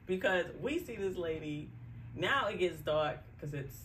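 A woman's voice: on the low side, animated, measured pace, a bit bright, slight background noise. A woman with a New York accent co-hosting a podcast in casual chat, laughing often and pressing for details. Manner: laughs often, clarifies and teases. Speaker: podcast co-host.

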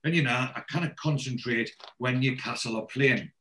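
A man's voice: mid-range voice, normal speed, pushed and bright, close to an everyday voice. A man quoting a middle-aged sitcom husband who is sheepish and obsessed with football, in his own everyday voice while retelling a scene.

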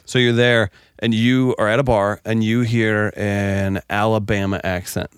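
A man's voice: lowish voice, unhurried, clean tone, no echo, studio quality. An American man hosting a casual chat, telling stories and acting out the people in them. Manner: animated storyteller, acts out voices.

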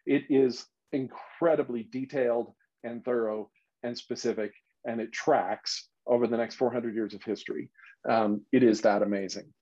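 A man's voice: medium pitch, dark tone. A man leading a casual Bible study, talking emphatically and thinking aloud as he explains. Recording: slightly dull lo-fi recording.

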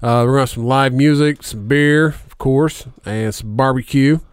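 A man hosting a podcast in casual, profane chat, laughing often and filling pauses with "uh". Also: mid-range voice, clean tone, no echo, studio quality. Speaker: podcast host.

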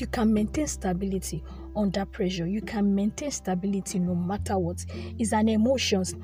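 In an earnest, informal devotional teaching, a young woman speaks in a mellow voice of medium pitch. She tends to say her phrases more than once.

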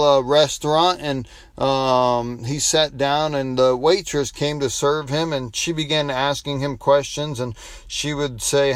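A man's voice: fairly high pitch, clear, resonant tone, no room sound. Folksy male pastor, dry close sound. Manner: folksy storytelling, frequent restarts. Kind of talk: devotional sermon with prayer.

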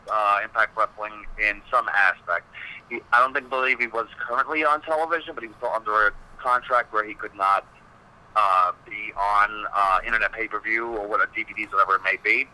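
Bright-voiced rambling male storyteller. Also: lowish voice, steady tone, a little fast, rough recording. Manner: rambling storyteller, many fillers, swears freely. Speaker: wrestling personality guest. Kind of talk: casual podcast interview.

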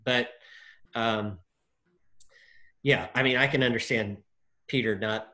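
A man discussing a Bible passage in casual chat, animated, acting out the figures' lines with lots of fillers. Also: mid-range voice, slow pace. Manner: animated, acts out quotes, many fillers.

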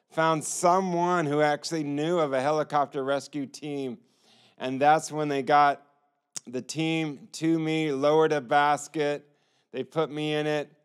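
A man's voice: fairly high pitch, clean tone. A man telling his personal testimony in an earnest storytelling manner, acting out the lines of others. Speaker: testimony speaker.

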